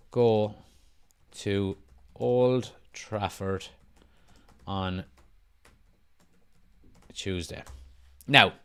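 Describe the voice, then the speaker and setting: A man's voice: medium pitch, fairly bright tone. Chatty man hosting a stream. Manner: chatty, reads out viewer comments, laughs often. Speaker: football watch-along host. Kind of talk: casual live-stream chat. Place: front room at home.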